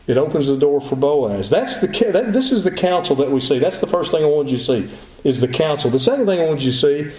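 A man's voice: fairly high pitch, a little mellow. A male pastor preaching a sermon, emphatic, repeating his phrases as he builds his point. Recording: echoey room.

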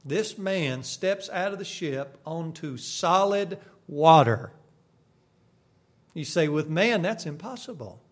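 Man preaching a sermon, slow and deliberate, slightly high, with sudden loud swells and hushed drops. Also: expressive.

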